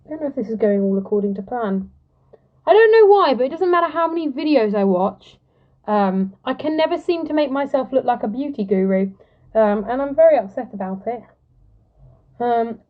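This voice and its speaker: A chatty, giggly young woman with a fairly high voice, talking straight to her viewers while she does her makeup. The sound is dull and lo-fi, like audio from a phone held close. She keeps it loose and casual, greeting people as they drop in. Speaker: musical theatre performer hosting a live stream. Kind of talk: casual live-stream chat while doing makeup. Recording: lo-fi phone live-stream audio.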